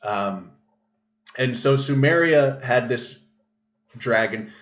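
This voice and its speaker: Slow-paced, mid-range, and fairly bright in tone, a man hosts a casual livestream monologue. The echoey room gives a dull, lo-fi sound as he rambles, filling in with fillers and restarting often.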